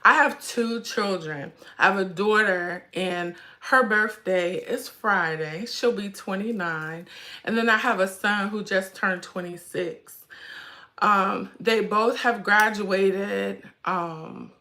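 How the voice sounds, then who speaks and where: A chatty woman talks slowly and unhurriedly to her viewers in a casual livestream. Her voice is bright and forward, and she speaks with emotion, holding back tears. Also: medium pitch. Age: 40s. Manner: chatty, addresses viewers as y'all. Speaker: handbag vlog host.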